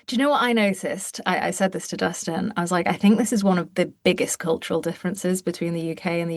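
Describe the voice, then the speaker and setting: A woman's voice: lowish voice, quick pace, few pauses, no room sound, studio quality. An English woman chatting as a podcast guest, emphatic and talkative, with a casual swear now and then. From England. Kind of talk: casual chat.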